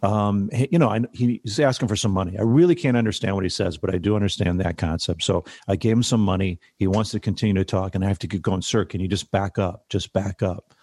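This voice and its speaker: Middle aged guy rambling thru a story, lowish voice, dry sound. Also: fast talker, few pauses, a little mellow, no room sound. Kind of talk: casual group chat.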